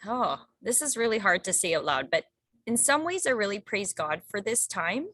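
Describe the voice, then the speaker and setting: A woman's voice: mid-range voice, moderate pace, no echo, studio quality. A woman talking casually in a group discussion, rambling with many restarts and asking "right?" as she goes, acting out what others say. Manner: animated quoting of others. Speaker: book group member.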